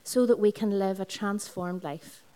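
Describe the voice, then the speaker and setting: Northern Irish woman, lead pastor, mid-pitched, preaching a Sunday sermon in a school hall, story-driven and repetitive. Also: unhurried, warm tone. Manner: personal storytelling with repeated phrases, talks to the congregation.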